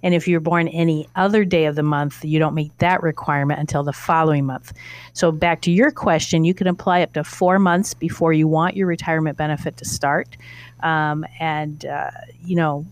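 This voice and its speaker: A female financial advisor answers a listener's question on a radio show. Her voice sits very low for a woman, and her manner is friendly and explanatory. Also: steady tone, normal speed.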